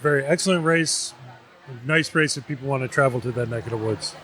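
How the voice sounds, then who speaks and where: A man from New Jersey, representing vendors, explaining things in a measured way. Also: mid-range voice, fairly bright tone. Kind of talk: casual interview.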